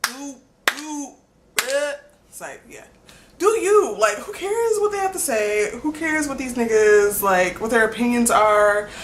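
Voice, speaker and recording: A woman's voice: on the high side, animated, normal speed, background noise. A young woman rambling in a casual vlog, giggly and apologetic, stringing thoughts together with lots of "like". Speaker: vlogger. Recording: echoey room with faint ambience.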